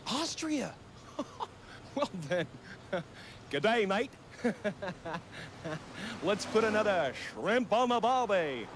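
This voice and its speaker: A mocking, giggly tease. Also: male voice, high-pitched, big pitch swings, extremely slow, pauses often, background noise, full character voice. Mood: teasing.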